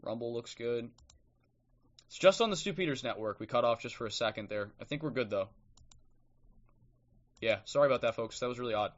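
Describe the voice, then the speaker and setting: A man's voice: medium pitch, a little fast, pauses often, highs cut off. A man hosting a livestream, talking bluntly and combatively, often tagging "okay?", then reading aloud from a book. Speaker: livestream host. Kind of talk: ranting live commentary and book reading. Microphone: streaming microphone.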